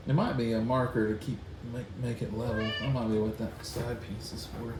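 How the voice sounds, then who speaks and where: Soft-spoken halting man at home. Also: mid-range voice, level tone, noisy background. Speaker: toy collector vlogger. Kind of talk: casual mail-call vlog.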